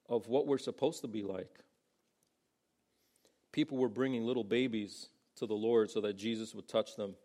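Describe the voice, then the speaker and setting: Gravelly-voiced man preaching casually. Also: mid-range voice, mellow. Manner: conversational, acts out quoted voices. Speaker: pastor. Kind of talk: sermon.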